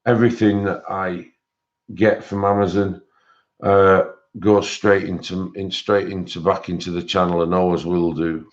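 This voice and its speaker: A man's voice: low-pitched, little pitch movement, unhurried. Man hosting a chatty live stream. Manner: rambling, friendly, greets viewers by name. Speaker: colouring channel host. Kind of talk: casual live stream chat. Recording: dull lo-fi stream audio.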